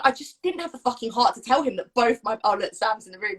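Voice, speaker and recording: Young woman coach, slightly high, frank and sweary, fast talker. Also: animated, a bit bright, breathy edge. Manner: blunt, frank, swears freely, laughs often. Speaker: fitness coach, live-stream host. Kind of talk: casual chat. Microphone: phone, live stream.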